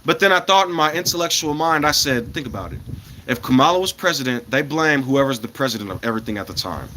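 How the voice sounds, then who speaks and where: A man in his thirties chatting casually to his livestream audience, rambling from point to point, chuckling often and swinging between loud bursts and mumbled asides. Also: on the high side, fast talker, a little hiss or hum. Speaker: livestreamer talking to chat.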